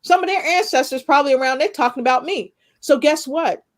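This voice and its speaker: A woman guest sharing a personal testimony in conversation, earnest and expressive, with faith woven through her talk. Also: high-pitched, a little fast. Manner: earnest, expressive storytelling with spiritual references.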